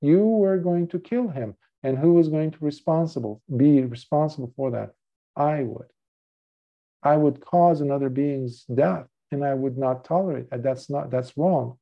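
A monk telling a story, voicing a gentle old male arahant who speaks softly and steadily. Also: a little high, moderate pace, vocal fry. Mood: calm. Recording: dull lo-fi recording.

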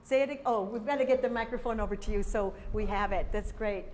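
A woman leads a teacher workshop in a big conference hall, and her voice rings with a long reverb tail. She talks at an ordinary middle pitch in a loose, conversational way, pausing on "um" and "uh" and tossing questions out to the room. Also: darkish tone, a little hiss or hum. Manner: conversational, halting with frequent fillers, quizzes the audience. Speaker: workshop presenter for language teachers.

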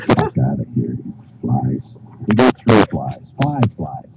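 A man's voice: rumbling low, big pitch swings, unhurried, creaky. A man presenting a product video who keeps forgetting his lines and swears constantly out of exasperation. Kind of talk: blown takes from a product video shoot. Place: on a hot video set with flies around. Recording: dull lo-fi old video with loud hiss.

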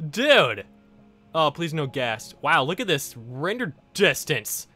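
Excitable male gamer, bright tone, big swings in pitch, chatting to viewers over faint game music. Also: slow pace. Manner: excitable, exclaims and laughs often; talks directly to viewers. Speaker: gaming YouTuber. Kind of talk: Let's Play commentary.

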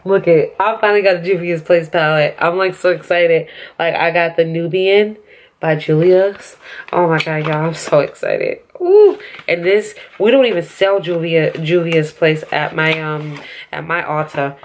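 Excitable gravelly-voiced woman showing off makeup. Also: lowish voice, a little slow, a little hiss or hum. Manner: excitable and gushing, addresses viewers as y'all. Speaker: beauty vlogger and store employee. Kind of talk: casual haul vlog.

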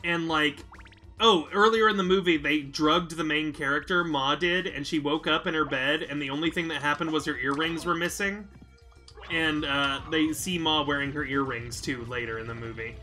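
Rambling young man with bright voice. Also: a little high, normal speed, soft background music. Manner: rambling, filler-heavy storyteller who acts out quotes loudly. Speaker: let's play host. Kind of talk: casual gameplay chat, retelling a film.

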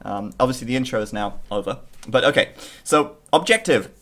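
A man's voice: mid-range voice, expressive, brisk, fairly bright tone. A man streaming a strategy game, chatting with viewers in a jokey, casual way. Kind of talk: casual live-stream commentary.

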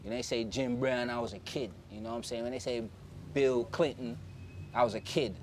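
A man's voice: mid-range voice, steady tone, brisk, a little hiss or hum. A young man with a Jamaican accent, talking casually and loosely in an interview, often repeating "you know what I'm saying". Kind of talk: casual street talk in patois-tinged English.

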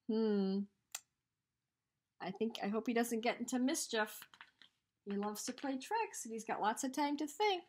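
A woman teacher reading a storybook aloud to children, expressive, with hushed asides. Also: fairly high pitch, measured pace, pauses often.

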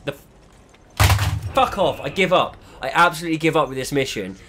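A man's voice: fairly high pitch, animated, normal speed, noisy background. A man giving frustrated, swear-filled commentary while playing a shooter game. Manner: frustrated, heavy swearing, exasperated. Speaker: gamer. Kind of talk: gameplay commentary.

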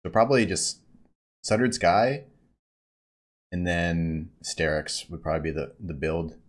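A man streaming a video game and talking over his play, swinging from calm build talk to excited yelling at big plays. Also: low voice, a little slow. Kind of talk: gameplay commentary.

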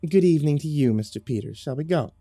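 A man voicing a prim, devout southern churchwoman in her middle years, raising his voice high and breathy. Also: animated, fast talker, mellow, no echo, soft background music.

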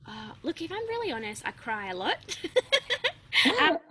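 A woman's voice: on the high side, very animated, normal speed, sharp tone, low-quality recording. A young adult woman, chatting openly as an interview guest, with lots of fillers and frequent laughs. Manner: open, chatty, laughs often, many fillers. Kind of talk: casual interview chat.

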